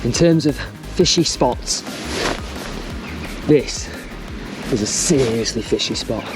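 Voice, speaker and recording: A man's voice: mid-range voice, slow, loud music behind the voice. A young man fishing on a riverbank outdoors, chatting casually and jokily as he explains his method and cheers when he hooks a fish. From England. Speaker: fishing vlogger. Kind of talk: casual instructional chat.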